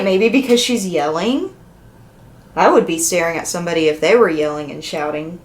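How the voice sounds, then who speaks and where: A woman reading a picture book aloud to young children, asking them questions as she goes. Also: mid-range voice. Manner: animated, asks the young listeners questions. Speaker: children's story reader. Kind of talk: interactive read-aloud for children.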